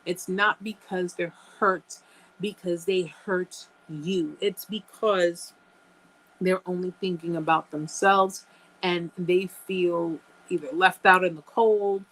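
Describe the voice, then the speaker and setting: A woman's voice: on the low side, fairly even intonation, slow pace, fairly bright tone, rough recording. Emphatic woman hosting a live chat. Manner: emphatic, repeats phrases, addresses viewers as guys. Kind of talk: casual live-stream chat.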